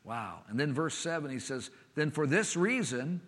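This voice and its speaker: A man preaching a sermon with expressive delivery, dropping to a soft, hushed voice for a personal story. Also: a little high, normal speed. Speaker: pastor. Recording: long reverb of a large hall.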